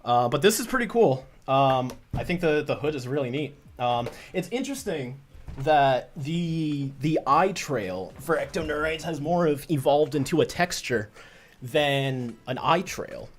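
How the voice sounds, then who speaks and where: A man's voice: fairly high pitch, animated, measured pace. A man hosting a casual livestream as a comic creator, chatty and rambling, full of restarts.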